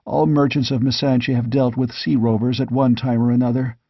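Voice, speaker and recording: A man voicing a nervous, fearful wealthy merchant who speaks in anxious, hushed pleading tones, in an audiobook reading. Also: medium pitch, flat delivery, a little fast, no echo, close to an everyday voice. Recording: dull, dry lo-fi audiobook recording.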